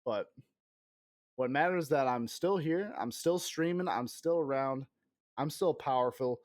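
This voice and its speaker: A man in his thirties talks casually to his stream viewers at a mid-range pitch. He rambles, jokes at his own expense and swears freely, with an occasional cough left over from an illness. The sound is dry, with little room echo. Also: unhurried. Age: 30s. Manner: rambling, self-mocking, profane. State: recovering from illness, still coughing. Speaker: game streamer.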